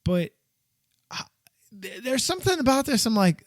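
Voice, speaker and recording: A man's voice: very high voice, big pitch swings, moderate pace, long pauses, no echo, clean studio sound. A middle-aged man hosting a podcast, giving blunt, sarcastic opinions in casual commentary. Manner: blunt, dismissive, sarcastic asides. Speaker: podcast host.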